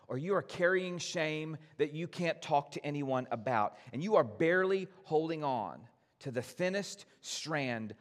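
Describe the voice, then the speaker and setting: A man preaching a sermon as pastor, gentle and earnest, addressing his congregation directly. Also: fairly high pitch, big-room sound.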